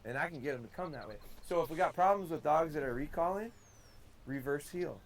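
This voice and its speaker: A man's voice: on the high side, expressive, fairly quick, rough recording. A man teaching dog training in a folksy, hands-on way outdoors, sometimes acting out the commands he gives. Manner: folksy, demonstrating commands in varied tones. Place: outdoors in a field.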